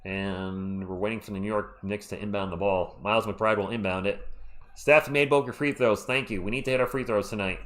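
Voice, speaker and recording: A man's voice: lowish voice, a little fast. A man hosting a live play-by-play stream, calling the action as an open fan and greeting viewers in the chat. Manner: excitable, fan-biased, chatty with viewers. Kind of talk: live play-by-play commentary with chat shout-outs.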